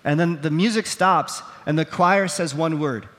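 A man preaching from a stage in a big hall, his voice sitting high for a man. He tells stories earnestly and pokes fun at himself, miked up. The sound trails off in a long reverb. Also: a little slow, fairly bright tone. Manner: storytelling with acted quotes, earnest and self-deprecating. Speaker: pastor. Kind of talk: sermon. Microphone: wearing a microphone.

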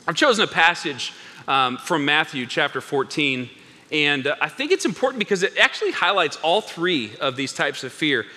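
A man preaching a sermon in an animated way, acting out the figures in the story with big swings in his voice. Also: on the high side, normal speed, in a large hall. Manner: animated, acts out biblical characters with big voice swings. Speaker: pastor.

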